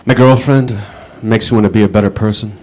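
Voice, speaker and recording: A man's voice: on the low side, fairly even intonation, fast talker, a little mellow. A man telling dry one-liner jokes at a comedy club, with a plain setup-and-punchline delivery. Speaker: stand-up comedian.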